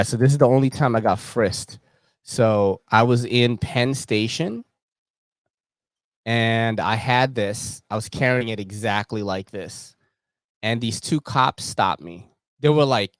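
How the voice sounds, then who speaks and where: A young man from the Philippines hosts a casual livestream chat in a voice on the low side, speaking a little slowly, with no echo. He's slangy and laughs while telling stories in an animated way.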